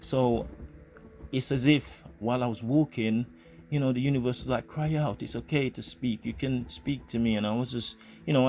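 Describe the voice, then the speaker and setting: A male vlogger with a lowish, slightly mellow voice tells a personal spiritual story, earnest and grateful. He rambles, using lots of fillers and restarts.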